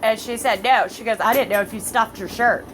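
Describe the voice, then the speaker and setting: A woman's voice: on the high side, a little fast, slight background noise, rough recording. A middle-aged woman telling a story in casual chat, acting out other people's lines. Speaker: family vlogger. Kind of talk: casual storytelling while playing a phone game.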